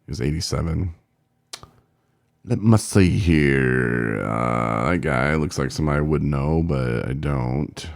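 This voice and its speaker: A man's voice: a bass voice, unhurried, gravelly, no echo, clean studio sound. A man co-hosting a podcast in casual, rambling chat, joking and trailing off as he goes through a list. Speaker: podcast co-host.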